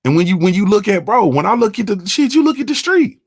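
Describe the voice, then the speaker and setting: A morning show host with a high-pitched, very animated voice talks fast over background music. His casual monologue is blunt and profane, and he keeps repeating "you understand what I'm saying."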